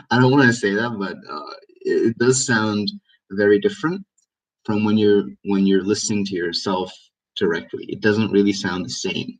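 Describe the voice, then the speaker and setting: Man teaching, low voice, far off. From Egypt. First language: Egyptian Arabic. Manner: explanatory, repeats words for emphasis. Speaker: language teacher. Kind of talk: casual live Q&A lesson.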